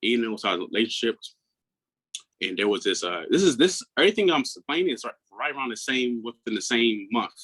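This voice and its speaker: A man in his thirties from Maryland, a guest on an interview who speaks earnestly and reflectively, often dropping into a hushed tone. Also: medium pitch, animated, a little fast, low-quality recording. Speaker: guest, mental health coach. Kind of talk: personal storytelling in an interview.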